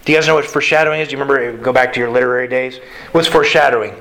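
A man's voice: mid-range voice, fairly even intonation, rapid-fire, fairly bright tone, rough recording. A man preaching a sermon in a conversational way, asking the congregation questions as he explains a passage. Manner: conversational, quizzes the audience.

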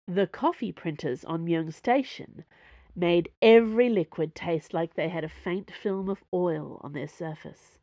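A woman reading her own serialized fiction aloud, expressive and lively storytelling. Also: fairly low pitch, a little slow, no room sound, highs cut off. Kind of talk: scripted fiction narration.

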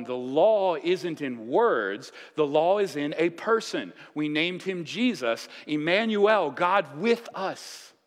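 A man preaching a sermon, telling the story in a lively, casual way and acting out voices. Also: fairly high pitch. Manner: animated storytelling, acts out voices with casual asides. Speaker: pastor. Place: church sanctuary. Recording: long reverb of a church hall.

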